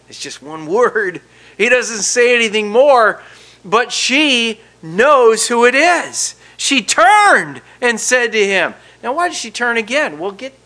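A middle-aged man delivers a sermon in a bright, forceful voice pitched a little high. He drops to a near-hush for intimate moments, then rises to loud emphasis as he walks through a scripture text. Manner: expressive preaching, swinging from hushed to loud. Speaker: pastor.

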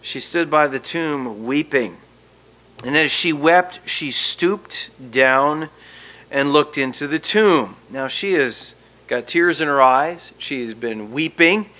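A man preaching a verse-by-verse sermon with an expressive delivery that swings from emphatic to hushed. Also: a little high, slow pace.

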